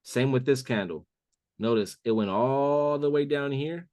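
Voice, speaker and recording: A trading mentor takes his audience through a chart during a live call, chatting loosely and dropping "bro" frequently. His voice sits at medium pitch with a darkish tone, and he doesn't rush. The sound is clean studio audio without echo.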